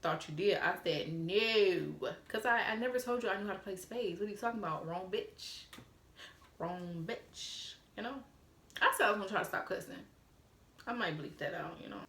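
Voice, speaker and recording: A woman's voice: medium pitch, expressive, fast, bright, forceful tone. A young woman vlogger telling a story casually, blunt and frank, swearing freely and mimicking the texts she got. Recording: roomy echo.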